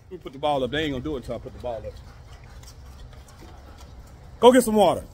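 A man's voice: medium pitch, sing-song, fast, a little mellow, a little hiss or hum. A man, a kennel owner giving his dogs short commands in a casual outdoor vlog. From Arkansas, US. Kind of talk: casual dog-training vlog.

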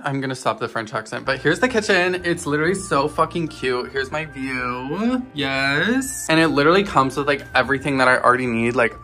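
An excitable young man in his twenties talks casually to his camera, chatty and loose with the swearing. He wanders through a small apartment while he talks, with a medium voice that is neither high nor low. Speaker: vlogger. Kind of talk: casual vlog chat, apartment tour. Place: indoors in a small apartment, walking room to room.

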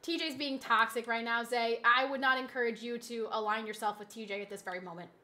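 A woman streaming a game live, bantering playfully with chat and reacting quickly to the action. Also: on the high side, steady tone, pushed and bright.

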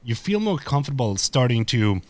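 A man's voice: medium pitch, big pitch swings, brisk, no echo. A man with a Swedish accent, whose first language is Swedish, chatting loosely as a podcast guest, full of fillers and restarts. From Sweden. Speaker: podcast guest, content creator. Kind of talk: casual interview chat.

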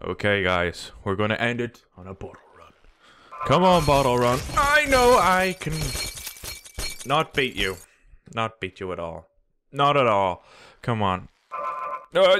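A young man doing let's play commentary on a game, frantic and swearing, yelling at the game as he plays. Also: mid-range voice, wildly swooping pitch, a little slow, pauses often, noisy background. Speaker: gaming video host.

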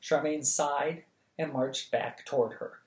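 A reader narrating a novel for bedtime at a steady, lively pace. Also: medium pitch, slow. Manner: steady, lively, acts out the dialogue. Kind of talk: audiobook reading of a novel. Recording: echoey room.

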